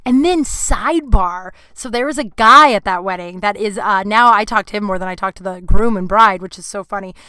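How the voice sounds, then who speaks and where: A woman's voice: mid-range voice, a little fast, hardly any pauses, sharp tone, clear, resonant tone, dry recording. A young woman comedian hosting her podcast, telling a long, rambling, self-deprecating story full of swearing.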